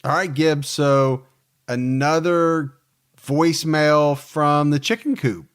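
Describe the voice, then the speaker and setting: A man's voice: fairly high pitch, fairly even intonation, slow, clean tone. A man co-hosting a true crime podcast in easygoing casual chat. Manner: easygoing, laughs often. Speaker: podcast co-host.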